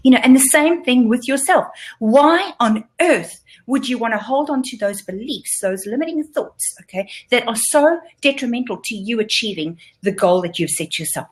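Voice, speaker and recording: A woman's voice: fairly high pitch, lively intonation, moderate pace, hardly any pauses. A middle-aged woman coaching in an interview, emphatic and repeating her points for stress. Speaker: guest business coach. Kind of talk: casual interview advice.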